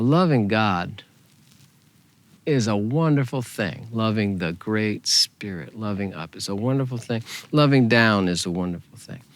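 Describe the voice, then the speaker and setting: A man with a lowish voice talks very slowly as he guides a meditation. His delivery is gentle and unhurried, with soft repeated phrases. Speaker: meditation teacher. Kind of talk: spiritual teaching talk.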